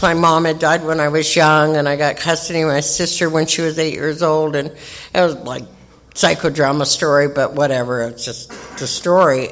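Candid older woman sharing her story. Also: sits low. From California. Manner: candid, self-mocking storyteller who acts out other people's voices. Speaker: recovery meeting speaker. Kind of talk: personal recovery share.

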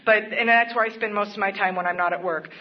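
A woman's voice: medium pitch, steady tone, fast talker. A woman speaking at a recovery meeting, sharing her own story in an earnest, plainspoken way with occasional laughs. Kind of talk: personal testimony at a support meeting. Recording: dull lo-fi recording.

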